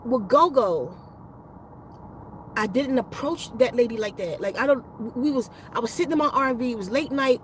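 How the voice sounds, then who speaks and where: A woman's voice: on the high side, animated, moderate pace, a little hiss or hum, low-quality recording. A woman who hosts a spiritual healing channel, telling a rambling, profane story in a casual livestream chat. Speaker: spiritual healer and channel host.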